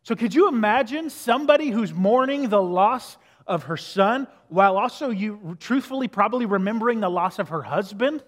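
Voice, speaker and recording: Pastor, male, high voice, casual preaching style, long hall reverb. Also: lively intonation, normal speed, few pauses. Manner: conversational preaching, asks the listeners questions. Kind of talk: sermon. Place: church sanctuary.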